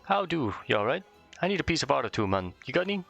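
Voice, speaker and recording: A man's voice: mid-range voice, sing-song, fast talker, creaky, a bit bright, lo-fi sound, faint music behind, pitched above the performer's own voice, heavily acted. A man voicing a cheeky little male fairy sidekick, chummy and full of slang.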